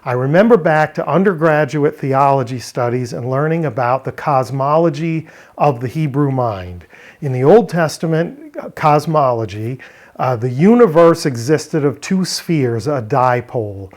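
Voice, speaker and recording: A man's voice: mid-range voice, lively intonation, unhurried, darkish tone. A man teaching a verse-by-verse Greek word study, explaining step by step and posing rhetorical questions. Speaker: Bible language teacher.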